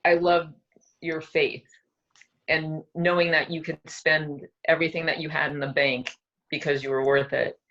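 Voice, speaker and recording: A woman's voice: sits low, flat delivery, moderate pace, fairly bright tone. A woman scoring a story in an affectionate, admiring way, heard through muffled audio. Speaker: co-host and judge.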